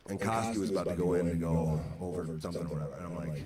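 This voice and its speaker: A man's voice: deep voice, steady tone, rapid-fire, dark tone. A man, a guest in an interview, telling an anecdote in a wry, exasperated way. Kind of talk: storytelling anecdote. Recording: echoey distant replay from a stream.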